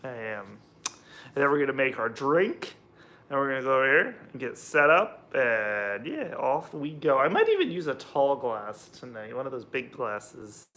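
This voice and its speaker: A man's voice: mid-range voice, very animated, moderate pace, sharp tone. A young American man chatting casually on a livestream while cooking, rambling and greeting viewers by name. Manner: rambling, chatty, reads out chat names. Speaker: livestream host.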